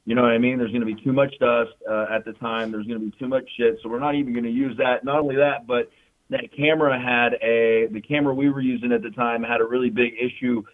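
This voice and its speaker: A man's voice: mid-range voice, flat delivery, quick pace. Man, casual war storyteller, profane, lots of fillers, tinny phone-like audio. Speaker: military veteran guest.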